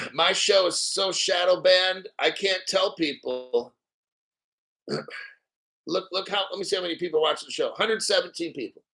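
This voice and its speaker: A male crypto livestream host with a high, bright voice who talks in a hyped, profane rush. He stops often to clear his throat. His delivery is excitable and pushy. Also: normal speed, pauses often, poor audio. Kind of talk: live-stream commentary.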